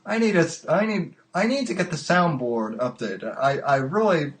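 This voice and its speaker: A man's voice: a little high, animated, normal speed. A man hosting a live call-in podcast, chatting casually and amused, often stalling and repeating words as he goes. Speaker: podcast host taking calls. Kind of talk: casual live-stream chat.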